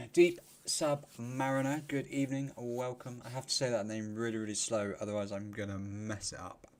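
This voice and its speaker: A man hosting a casual live stream, chatty and quick to laugh, greeting viewers by name. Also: fairly low pitch, little pitch movement. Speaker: livestream host.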